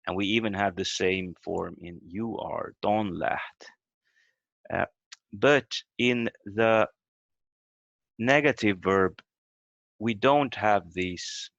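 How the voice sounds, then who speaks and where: A man teaching a language lesson over a video call, explaining step by step with halting fillers. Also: fairly low pitch, gravelly, fairly bright tone, dry recording. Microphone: computer mic on a video call. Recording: dull lo-fi video call audio.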